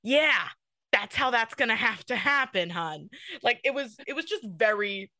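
A woman in her twenties hosting a casual interview, talking in a quick, loose way with plenty of fillers. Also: fairly high pitch, animated, sharp tone, no echo. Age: 20s.

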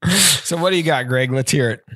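Jokey podcast host, dry sound. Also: male voice, fairly high pitch, moderate pace, bright, forceful tone, no echo. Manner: jokey, laughs a lot. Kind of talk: casual podcast banter.

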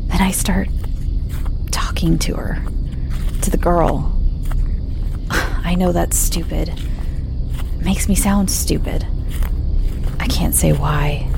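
Slow hushed woman narrating horror over music. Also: vocal fry. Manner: slow, low, hushed delivery with whispered stretches. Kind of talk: scripted first-person horror narration.

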